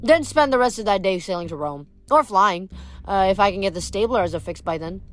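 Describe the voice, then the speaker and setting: A woman's voice: medium pitch, lively intonation, fairly quick, no room sound, faint music behind, close to an everyday voice. A woman reading aloud, voicing a teenage boy mechanic who talks in an offhand, joking way.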